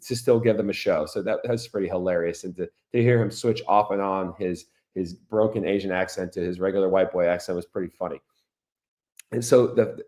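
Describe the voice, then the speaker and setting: A middle-aged podcast host from Orlando, Florida, talks in a mid-range, slightly mellow voice. His casual monologue is chatty and aimed at listeners, with rhetorical questions tossed their way.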